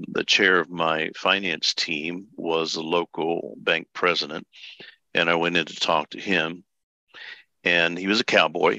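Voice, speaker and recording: An older man in his seventies from Texas, a pastor, telling his life story as a podcast guest, unhurried and anecdotal with fillers. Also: low voice, pushed and bright, no echo, muffled recording. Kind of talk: storytelling interview.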